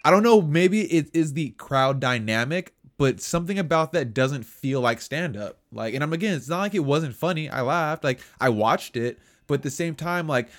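A man's voice: fairly high pitch, lively intonation, normal speed, few pauses, a bit bright. A man co-hosting a casual podcast chat, rambling with lots of fillers and restarts. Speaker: podcast co-host.

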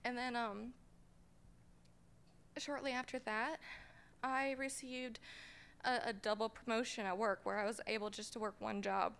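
A woman's voice: fairly high pitch, level tone, unhurried, vocal fry, pauses often, a bit bright, smooth. A young woman giving a personal testimony in church on a handheld mic, hesitant and full of fillers. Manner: hesitant, with fillers, tearful at moments. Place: church sanctuary.

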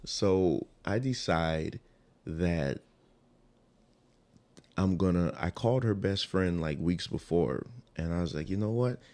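A man's voice: sits low, slow pace, long pauses, darkish tone. A man telling an emotional personal story in a rambling, casual way, repeating himself and restarting sentences.

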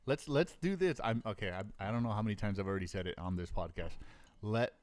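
A man's voice: on the low side, fast talker, a little mellow. A man co-hosting a podcast in casual chat, laid-back and teasing, talking into a close mic. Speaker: podcast co-host.

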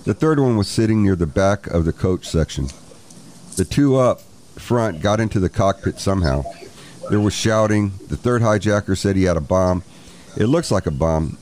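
A man reading the part of a frightened male airline passenger who speaks in a hushed, urgent voice. His tone sits somewhat above the reader's usual deep register. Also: normal speed, slight background noise, natural voice.

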